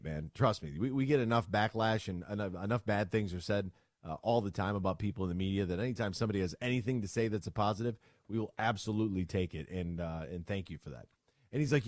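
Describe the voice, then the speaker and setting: A man's voice: on the low side, fast, no room sound, clean studio sound. A man hosting a sports radio show, talking casually and bluntly, acting out conversations as he tells stories. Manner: animated storyteller, acts out both sides of conversations; blunt and opinionated. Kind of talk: casual sports talk monologue.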